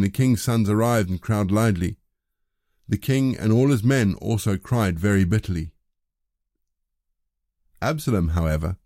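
A man reads scripture in measured, even narration. His voice is dark and mellow and sits somewhat low. The recording is dry, with no room sound. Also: no room sound. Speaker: scripture reader.

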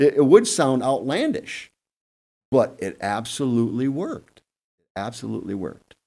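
Animated storytelling man, lively pitch. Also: gravelly. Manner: animated, acts out deer and buddies in quick asides. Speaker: guest hunting expert. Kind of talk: casual storytelling on a podcast panel.

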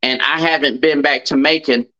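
A man's voice: on the high side, fairly even intonation, moderate pace, sharp tone, muffled recording. A middle-aged man, a podcast guest telling a personal story. He stresses and repeats key phrases.

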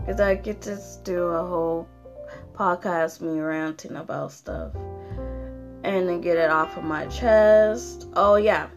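A young woman hosting her own podcast, ranting casually with lots of fillers and swearing, sounding tired. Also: on the low side. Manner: rambling, profane, frequent fillers. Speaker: podcast host. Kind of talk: casual solo rant.

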